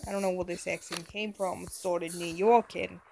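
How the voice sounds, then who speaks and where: A woman's voice: lowish voice, steady tone, normal speed, gravelly, heavy background noise. A woman playing a horror game and commenting along, chatty and jokey, talking back to the characters on screen. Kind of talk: let's-play commentary.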